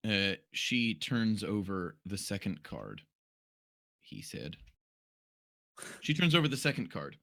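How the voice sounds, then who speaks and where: A man's voice: lowish voice, wildly swooping pitch, takes it slowly, gravelly, long pauses, a bit bright. A man narrating a tabletop game as game master, casual and prone to small slips.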